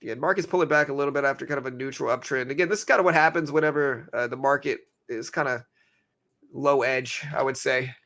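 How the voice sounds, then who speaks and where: A young man hosting a trading livestream speaks quickly at a medium pitch. Casual and wandering, he repeats himself and uses lots of fillers, with hiccups breaking in.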